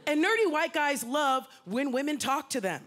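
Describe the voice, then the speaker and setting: A woman's voice: sits high, normal speed. A woman doing a playful stand-up routine on stage with a handheld mic. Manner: animated, playful, dry asides. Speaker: stand-up comedian. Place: stage before a live audience. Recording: noisy live show with audience.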